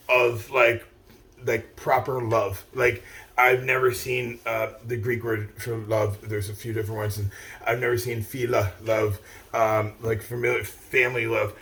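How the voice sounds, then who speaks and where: A man's voice: mid-range voice, gravelly, bright, forceful tone. A middle-aged man rambling casually to his viewers, swearing often and filling his talk with "like" and "uh". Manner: rambling, heavy swearing, many fillers and restarts. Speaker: vlogger. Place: outdoors, standing still.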